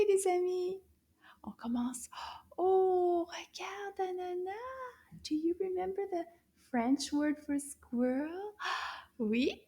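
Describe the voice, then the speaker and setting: High-pitched, slow-talking woman teacher. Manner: animated, exaggerated teacher voice with gasps and whispers. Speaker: French teacher for children. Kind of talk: children's language lesson.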